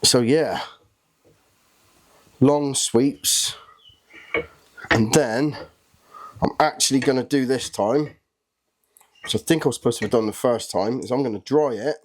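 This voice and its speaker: A man's voice: medium pitch, measured pace, long pauses, a little hiss or hum. A man hosting his own video, talking casually and a bit nervously as he narrates a hands-on job step by step. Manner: chatty, nervous and excitable, thinking aloud as he works. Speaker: channel host.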